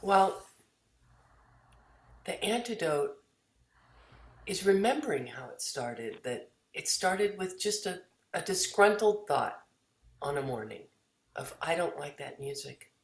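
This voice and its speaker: A woman minister telling an everyday parable as spoken teaching, animated and storytelling. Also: lowish voice, slow pace, pauses often. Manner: storytelling, gently animated, quotes voices. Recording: echoey room.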